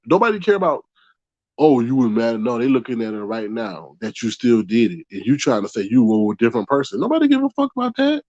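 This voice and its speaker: A man's voice: medium pitch, darkish tone, no room sound, highs cut off. A man hosting a casual livestream commentary in a blunt, chatty way, swearing freely.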